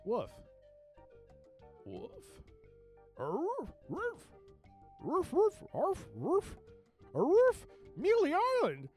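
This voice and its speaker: A man's voice: very high-pitched, huge pitch swings, extremely slow, pauses often, warm tone, faint music behind, exaggerated voice. A man voicing a playful dog that barks, yips and growls between a few words. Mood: playful barking. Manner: yipping, growling dog noises mixed with names. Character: barking playful cartoon dog.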